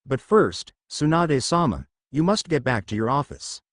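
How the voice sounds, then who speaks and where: A man's voice: mid-range voice, sing-song, moderate pace, no echo, studio quality. A man reading the lines of a polite, shy adult woman teacher in a fan fiction story, speaking hesitantly.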